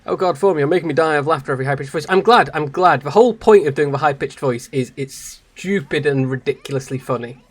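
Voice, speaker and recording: A fast-talking man from England, his voice on the high side with few pauses, gives chatty live commentary on his gameplay over a streaming mic, reading chat aloud and laughing at himself as he talks with viewers.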